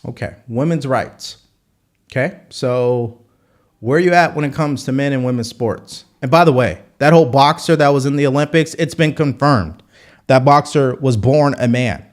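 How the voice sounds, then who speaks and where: A man's voice: mid-range voice, moderate pace. A man hosting a live political commentary show, arguing his points with repeated rhetorical questions.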